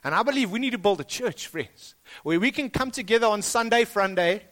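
A man's voice: sits high, lively intonation, a little fast, fairly bright tone. A South African man preaching a sermon to his church in a school hall, emphatic and repetitive. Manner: emphatic, rising and dropping for stress, repeats phrases. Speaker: pastor.

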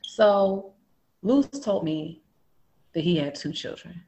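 A woman in casual chat, telling a long personal story with lively, cursing, raised-voice quotes of the people in it. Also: mid-range voice, takes it slowly. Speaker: storyteller guest.

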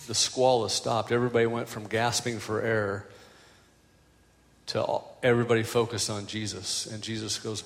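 A man's voice: mid-range voice, long reverb tail. An older man preaching a sermon as a pastor, telling stories with self-deprecating humor.

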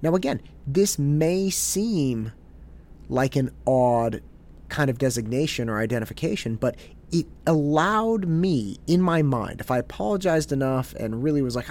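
A man speaks in a reflective storytelling monologue. His pitch sits in the middle, but his voice rises and falls a lot. He sounds candid and self-deprecating. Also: lively intonation, normal speed, darkish tone. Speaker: podcast host.

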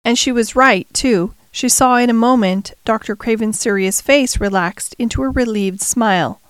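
A woman narrating a classic novel chapter in a measured storytelling manner. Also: a little high, smooth, no room sound. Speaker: audiobook narrator. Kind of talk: scripted narration.

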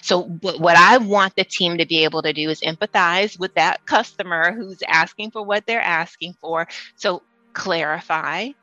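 A woman business leader talking in a casual interview, measured and reflective, explaining her points with examples. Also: on the low side, pushed and bright, no room sound, muffled recording, soft background music.

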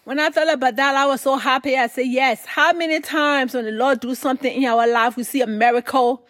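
Woman preacher, high voice, emphatic and repetitive, close dry mic. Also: fairly even intonation, brisk, few pauses, fairly bright tone, no echo. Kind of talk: sermon.

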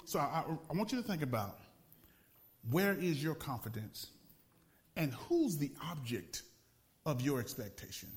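A man's voice: fairly high pitch, very animated, normal speed, pauses often. A man preaching a sermon, a pastor from the Los Angeles area, telling a story with laughs and repeated phrases for emphasis.

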